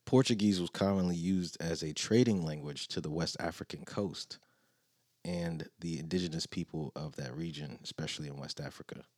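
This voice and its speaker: A man co-hosting a casual podcast chat, relaxed, reading out definitions between jokes. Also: very deep voice, normal speed, no echo, clean studio sound. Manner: reads definitions aloud, laid-back. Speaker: podcast co-host.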